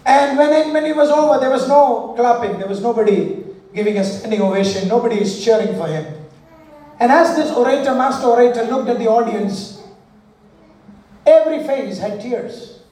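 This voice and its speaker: High-voiced man preaching in an echoey hall. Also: normal speed, mellow, distant mic. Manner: preaching with call-and-response and storytelling. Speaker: pastor. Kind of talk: sermon. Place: large church hall. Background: congregation responding.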